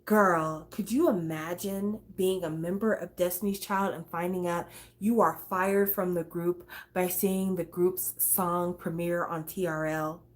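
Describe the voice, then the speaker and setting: A woman's voice: fairly low pitch, fairly even intonation, unhurried. A woman hosting a casual talk stream, chatty and swearing, breaking into snatches of songs. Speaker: host. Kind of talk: casual chat.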